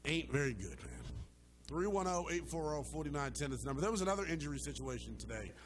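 A man's voice: a little high, lively intonation, fast, slight background noise. A man hosting a sports talk show, arguing with emphatic, impassioned delivery and casual slang. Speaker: sports radio host.

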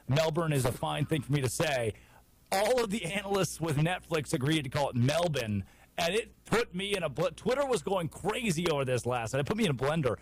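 A man from the United States hosting a sports radio show, talking football in a wry, opinionated way with quick asides. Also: fairly high pitch, sing-song, no echo, rough recording. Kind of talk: casual sports talk.

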